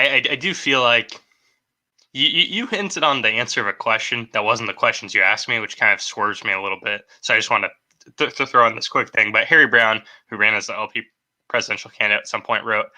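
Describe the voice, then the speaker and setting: Rambling male co-host with a sharp, tense voice. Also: fairly low pitch, brisk. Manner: rambling, loose and informal. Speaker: podcast co-host. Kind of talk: casual chat.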